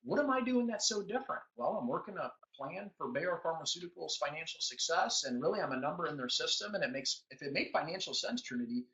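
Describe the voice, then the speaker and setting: Animated man coaching, bright voice. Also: on the high side, fast talker, hardly any pauses. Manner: animated storyteller acting out conversations. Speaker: business trainer. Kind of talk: motivational training talk. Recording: dull lo-fi sound.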